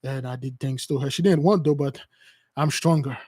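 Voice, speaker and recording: A man voicing a remorseful man confessing a wrongdoing, in a low, hushed, sheepish tone. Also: normal speed, husky, dry recording, studio quality, close to an everyday voice.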